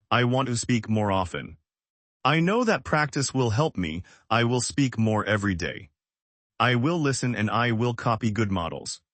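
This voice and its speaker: A man teaching English in a scripted lesson, speaking short, simple sentences slowly and clearly for learners to repeat. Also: mid-range voice, fairly bright tone, dry recording. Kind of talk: slow scripted language lesson.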